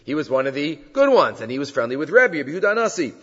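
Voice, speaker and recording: A man teaching a Talmud lesson in a fairly high, lively voice. He chants the quoted texts before explaining them. The sound is dull and lo-fi, with a long reverb tail like a big hall. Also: quick pace. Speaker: Torah teacher.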